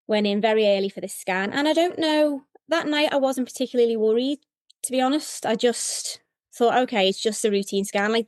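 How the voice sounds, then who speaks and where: A woman, candidly retelling a painful personal story as an interview guest, with frequent fillers and pauses. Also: medium pitch, clear, resonant tone, dry recording, clean studio sound. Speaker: guest sharing her fertility story.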